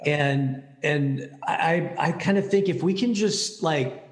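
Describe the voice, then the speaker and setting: Older man, reflective, echoey room. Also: a little high. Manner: reflective, measured. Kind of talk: casual conversation.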